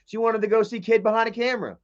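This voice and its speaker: A man talks fast in a high, steady-toned voice on a livestream with dull lo-fi sound. He reads chat messages aloud while telling a long, rambling, profane story from his own life.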